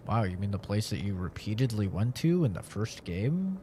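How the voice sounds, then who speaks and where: A man's voice: on the low side, sing-song, moderate pace, warm tone, slight background noise. A young man streaming a horror game, chatting casually with a sarcastic, profane manner. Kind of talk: casual gaming commentary.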